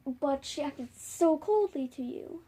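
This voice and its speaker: A woman's voice: high voice, lively intonation, slow pace, dark tone. A woman voicing a cold, scheming male warrior cat in a told-aloud fan story, barely changing her own voice. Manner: plainly retold dialogue.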